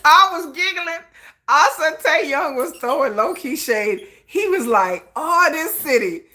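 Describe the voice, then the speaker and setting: A woman's voice: sits high, lively intonation, unhurried, pushed and bright. A woman hosting a casual livestream, chatting and laughing often and greeting viewers in the chat. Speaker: livestream host.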